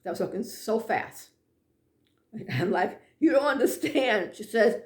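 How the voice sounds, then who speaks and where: Woman, storyteller, personal ghost story, slightly high voice, echoey room. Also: normal speed. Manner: animated, drops to hushed tones.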